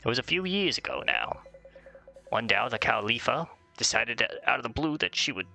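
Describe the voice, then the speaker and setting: A man's voice: mid-range voice, sing-song, brisk, gravelly, pushed and bright, faint music behind, full character voice. A man voicing a squawking bird merchant. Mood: storytelling. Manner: storytelling, squawking. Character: chatty bird-like desert equipment merchant. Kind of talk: let's play voice acting.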